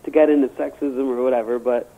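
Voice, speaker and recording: A man's voice: medium pitch, steady tone, fast talker. A man telling a rambling, crude personal story in casual chat, stammering and restarting often. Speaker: guest. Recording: tinny phone line.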